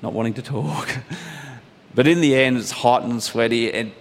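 A man preaching a sermon, telling stories and letting his voice climb high on emphatic points. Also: normal speed, creaky. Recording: long hall reverb.

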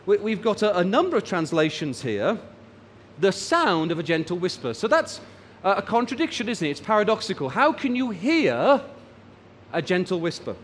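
A man's voice: high voice, sing-song, moderate pace, big-room sound, slight background noise. A man preaching a sermon, rising and falling for emphasis and drawing out the key words. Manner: rises and falls for emphasis, draws out key words.

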